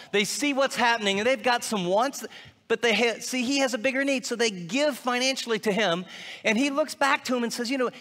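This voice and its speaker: A man's voice: very high voice, sharp tone, big-room sound. A man preaching a sermon, acting out his listeners' doubts in quoted asides. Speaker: pastor.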